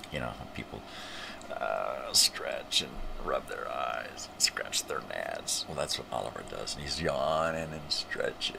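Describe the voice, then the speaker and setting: A man's voice: very deep voice, gravelly, background noise. An older man hosting a rambling live morning show from home, joking loosely and chatting to his dog. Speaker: livestream host.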